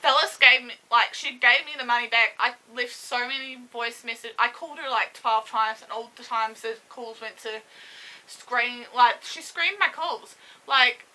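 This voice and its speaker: A young woman sits and tells a personal story to her camera. Her voice is fairly high and sharply bright. She talks casually, pausing and restarting as she holds back tears. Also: poor audio. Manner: emotional, halting, fighting back tears. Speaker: vlogger. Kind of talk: casual story-time vlog. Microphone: camera mic, seated.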